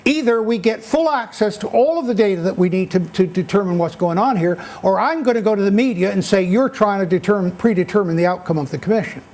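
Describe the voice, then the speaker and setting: An older man giving an animated lecture-style talk at a townhall, acting out quotes as he tells stories. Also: sits high, fast talker, few pauses. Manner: animated storytelling, acts out quotes. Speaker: speaker at a townhall.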